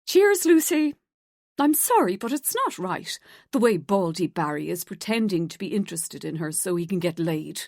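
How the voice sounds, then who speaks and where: A woman's voice: fairly low pitch, normal speed, gravelly, dry recording, studio quality, pitched below the performer's own voice. A woman narrator voicing a catty, sneering woman office gossip with an affected South Dublin accent. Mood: spiteful.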